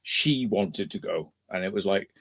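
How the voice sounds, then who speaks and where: A man's voice: low voice, expressive, normal speed, a bit bright, slightly rough, no echo. A man hosting a casual livestream, rambling and swearing freely as he chats and reads out viewer comments. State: kidney stone trouble. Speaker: livestream host.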